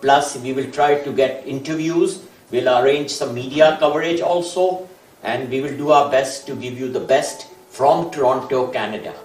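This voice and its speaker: A man hosting a talk show, asking long questions in a formal, measured way with some hesitation. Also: mid-range voice, a little mellow. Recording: echoey, distant from the mic, faint music.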